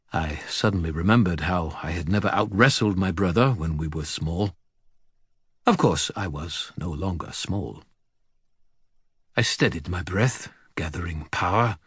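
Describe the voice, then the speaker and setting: A man reading a first-person story in a measured, unhurried way. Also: deep voice, a bit bright, breathy edge, dry recording, studio quality. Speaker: audiobook narrator.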